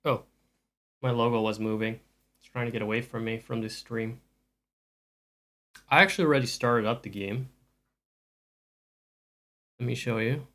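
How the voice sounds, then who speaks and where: A man's voice: mid-range voice, steady tone, normal speed, long pauses, bright, forceful tone. A man streaming live and chatting casually with viewers, rambling with dry jokes and frequent restarts.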